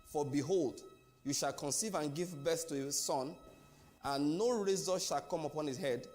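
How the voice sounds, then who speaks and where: A man's voice: medium pitch, a little mellow. A man from Nigeria preaching a sermon, emphatic and often asking his listeners questions.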